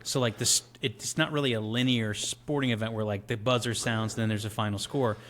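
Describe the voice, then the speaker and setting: Animated man retelling movie scenes. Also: lowish voice, a little hiss or hum. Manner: animated storyteller, retells scenes in quick bursts. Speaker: podcast co-host. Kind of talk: casual movie chat.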